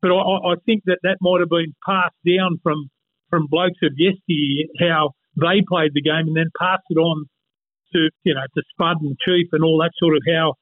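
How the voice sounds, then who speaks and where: A man's voice: on the high side, steady tone, normal speed, dry recording. A blunt Australian man in his fifties, a former rugby league player chatting as an interview guest and saying mate often. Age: 50s. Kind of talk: casual interview chat. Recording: tinny phone-like line.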